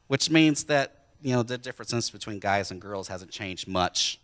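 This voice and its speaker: Bright-voiced, joking male preacher. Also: mid-range voice, steady tone, moderate pace, hardly any pauses. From Wisconsin. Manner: conversational, joking with the congregation. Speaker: pastor. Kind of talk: sermon. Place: church.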